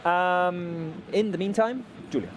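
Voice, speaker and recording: A man's voice: high-pitched, takes it slowly, slight background noise. A man hosting a live football show, chatting playfully with co-hosts and calling the match. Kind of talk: lively studio chat with play-by-play.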